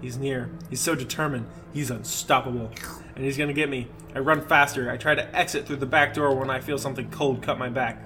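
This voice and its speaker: A man's voice: mid-range voice, fairly even intonation, brisk, sharp tone, a little hiss or hum. Man reading a creepy story aloud, laughing. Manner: laughs through the reading, breaks off to joke. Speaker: podcast co-host.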